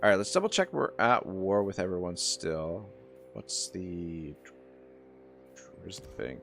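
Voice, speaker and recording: Low-voiced Canadian man streaming a game. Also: very animated, a little slow, vocal fry. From Nova Scotia, Canada. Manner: rambling, chatty, many fillers, reads chat aloud. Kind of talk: casual live-stream gameplay commentary. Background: faint game music.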